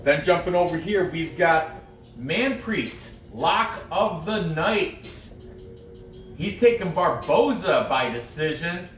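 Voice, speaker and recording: A man's voice: fairly high pitch, lively intonation, slow pace, fairly bright tone, echoey room, distant mic, soft background music. A man hosting a casual podcast who rambles through fight picks, joking and laughing often. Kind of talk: casual chat.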